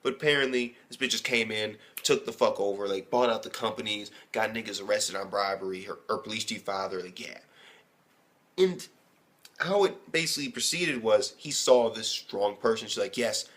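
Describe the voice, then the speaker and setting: A man giving a casual, rambling recap of an anime episode as a reviewer, excitable and swearing heavily. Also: fairly low pitch, normal speed. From United States.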